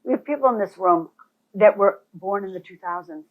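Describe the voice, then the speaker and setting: Speaking briskly in a mid-range voice, a woman runs a real estate boot camp session. She's emphatic and animated, addressing the audience directly, over phone-like thin audio.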